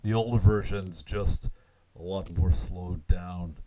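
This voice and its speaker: Very deep-voiced laid-back podcast man. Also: steady tone, slow, dark tone. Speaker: podcast co-host. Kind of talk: casual chat.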